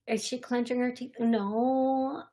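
A young adult woman hosting a psychic medium show, speaking in a halting, repetitive way with many fillers as she passes on messages to viewers. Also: fairly high pitch, steady tone, warm tone. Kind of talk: live-stream reading for viewers.

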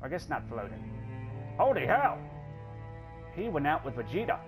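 A man hosting a let's play, joking, excitable and swearing freely as he comments on a game. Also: on the high side, moderate pace, over music. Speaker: gaming channel host.

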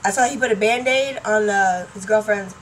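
A woman's voice: medium pitch, normal speed. Chatty woman vlogging from a distance. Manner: chatty, excitable, laughing often, trailing off. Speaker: YouTuber. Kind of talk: rambling casual vlog chat. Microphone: laptop webcam mic. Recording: distant mic, faint room noise.

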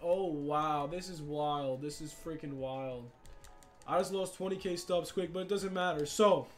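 A young man commenting on a sports video game, hyped and slangy, swinging from shouts to mutters. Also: fairly high pitch. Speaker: gaming YouTuber.

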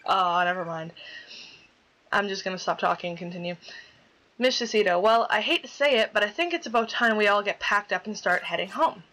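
A woman's voice: medium pitch, a little fast, pushed and bright, poor audio. A young woman playing a game and reading its dialogue aloud, chatty and dramatic, swearing casually as she reacts. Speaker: gaming YouTuber.

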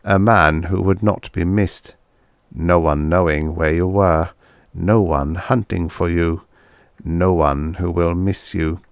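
A man voicing a calm, sinister ship brain. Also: low voice, dry recording, studio quality. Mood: calm menace. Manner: calm, measured, quietly pleased. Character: calm, sinister spaceship brain, cheerfully menacing.

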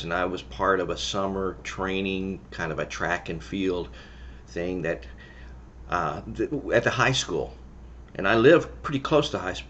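A middle-aged man leading a children's church service, cheering the kids on and then telling a Bible story gently. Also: sits low, muffled recording, a little hiss or hum. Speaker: children's pastor. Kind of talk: lively children's church talk.

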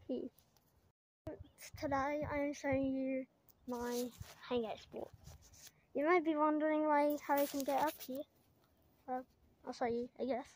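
A woman's voice: high voice, fairly even intonation, unhurried, long pauses, a little mellow, slight background noise. A woman vlogging outdoors while climbing, rambling with many fillers and giggles, putting on a mock British-Australian accent. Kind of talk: casual rambling vlog.

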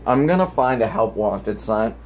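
A man's voice: lively intonation, moderate pace, slight background noise. A man holding a phone camera and delivering a rambling vlog rant. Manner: rambling, jumps into loud squeaky quoted voices. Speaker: vlogger. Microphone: handheld phone camera.

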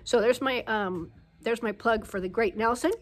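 An American woman chatting casually in a vlog, telling animated stories with plenty of fillers, filmed on a handheld phone at her home terrace. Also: fairly high pitch, moderate pace, low-quality recording. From United States. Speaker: vlogger. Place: home terrace in a hill town.

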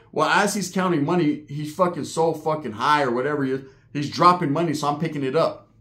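A man's voice: on the high side, fairly bright tone. Guy w the sniffles, slangy storytelling, curses a lot, does the voices. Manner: street slang, swears often, acts out quoted voices. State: has the sniffles. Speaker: channel host. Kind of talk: casual storytelling monologue.

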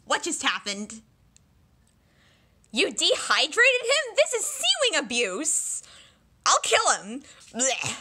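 Bright, wildly swooping woman's comedy voices. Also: high-pitched, huge pitch swings, slow pace, pauses often. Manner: jumps between silly character voices, shrieks and mutters. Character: cast of young dragons in a parody. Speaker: solo fan dubber voicing every character. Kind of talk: comedic one-woman parody dub.

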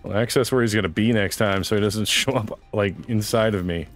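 A man runs casual commentary over his gameplay in a lowish voice. He cracks self-deprecating jokes as he plays. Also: a little fast, faint music behind. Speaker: gaming video host.

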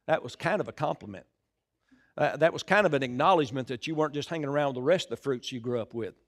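A middle-aged man preaching a sermon in church, calling out to the congregation and swinging between loud bursts and hushed asides. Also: medium pitch, expressive, quick pace. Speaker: pastor. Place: church sanctuary.

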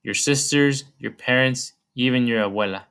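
A man reading the part of a sorrowful ancient female weeping spirit, gentle, solemn and pleading. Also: medium pitch, normal speed, gravelly, smooth.

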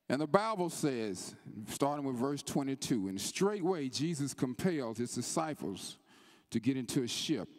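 A man preaching a sermon in church, reading scripture in a measured way and then building to a rising, chanted delivery. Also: medium pitch, darkish tone. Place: church sanctuary. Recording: long church reverb.

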